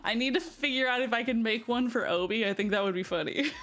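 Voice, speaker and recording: A woman with a Southern American accent, chatting casually with her live stream viewers while she plays, giggling often and greeting newcomers brightly. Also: on the high side, a little fast, soft background music. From Southern United States.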